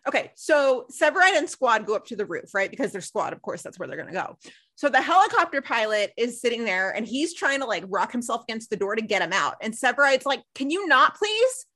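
Young woman, podcast co-host, animated storytelling, bright tone. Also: on the high side, fast. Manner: animated storytelling, acts out quotes. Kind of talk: casual recap chat.

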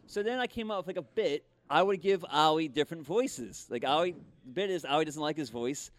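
A male comedian and ventriloquist telling a story in a casual, animated way, often restarting his sentences. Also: on the high side, brisk.

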